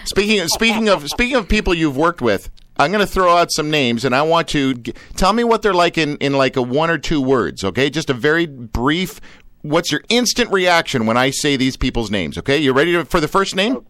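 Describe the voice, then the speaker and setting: A man's voice: fairly high pitch, expressive, brisk, a bit bright, no echo. A Canadian man hosting a radio show, rambling and joking with many fillers. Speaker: radio host. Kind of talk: casual radio chat.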